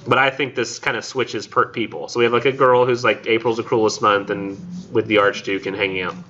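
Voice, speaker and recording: A man's voice: medium pitch, fairly even intonation, brisk, bright, forceful tone. A man teaching a college literature class in a casual, chatty way, leaning heavily on "like" as he talks about poems. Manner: casual and chatty, heavy use of "like". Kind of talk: classroom lecture with poetry reading. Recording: dull lo-fi classroom recording.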